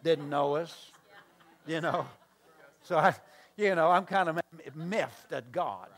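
A man preaching from the pulpit in a voice pitched a little higher than most men's. He tells his story by acting out both sides of the conversation and breaks off to toss questions and asides to the congregation. The delivery is a pastor's sermon storytelling. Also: slow pace. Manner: storytelling with acted-out dialogue and call-and-response asides.

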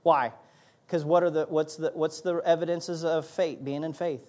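Animated high-voiced male pastor. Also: moderate pace. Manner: animated and emphatic, repeats words, laughs often. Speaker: associate pastor. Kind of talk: sermon.

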